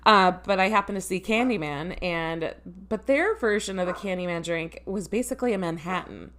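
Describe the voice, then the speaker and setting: A woman's voice: fairly low pitch, lively intonation, normal speed, a bit bright. A woman co-hosting a podcast in casual chat, rambling and laughing often, often trailing off mid-sentence. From Ohio, USA. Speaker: podcast co-host.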